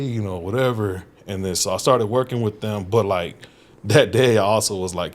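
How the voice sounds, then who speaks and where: This man, a comedian appearing as a podcast guest, speaks in a lowish voice at normal speed. Recorded in a podcast studio, his storytelling chat is profane and animated, with frequent laughs and acted-out quotes.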